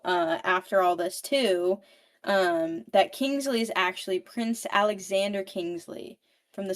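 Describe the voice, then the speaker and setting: A woman in casual podcast chat, retelling a novel's plot with frequent swearing and constant "like" fillers. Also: medium pitch. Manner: swears freely, fills speech with "like"; animated storyteller, paraphrasing characters. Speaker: book podcast participant. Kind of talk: casual book recap chat.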